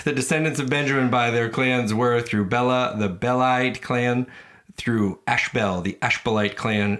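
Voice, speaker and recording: A man's voice: on the low side, fairly bright tone. A man co-hosting a podcast in a casual comedic chat, wry and self-deprecating as he tells puns. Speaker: podcast co-host.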